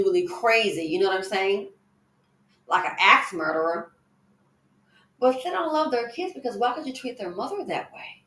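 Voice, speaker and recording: A woman's voice: mid-range voice, a bit bright, a little hiss or hum. A woman giving reaction commentary, emphatic and indignant, with rhetorical questions. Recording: echoey room.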